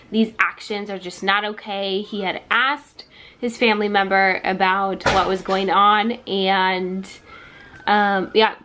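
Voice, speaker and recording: A woman vlogger telling a personal story in a casual storytime, talking quickly and acting out what other people said. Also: mid-range voice, fairly bright tone. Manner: quick, chatty retelling that acts out other people's quoted words.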